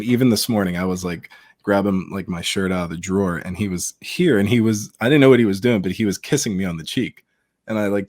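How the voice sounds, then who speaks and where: A man with a very deep voice speaks as a podcast guest. He is emotional and candid and swears without holding back. The sound is dry with no room echo. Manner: heartfelt and emotional, swears freely. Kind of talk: candid interview talk.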